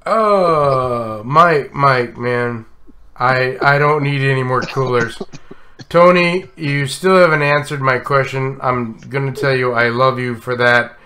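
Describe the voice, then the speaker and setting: Tipsy male stream host, slurred and giggly, slow-talking with a bright edge. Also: medium pitch. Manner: effusive, giggly, rambling. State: drunk, slurring. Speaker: live stream show host. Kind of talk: casual live stream chat.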